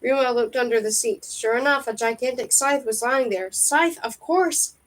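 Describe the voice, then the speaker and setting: A woman reading a fantasy novel aloud in steady storybook narration. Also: a little high, fairly quick, rough recording. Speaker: reader.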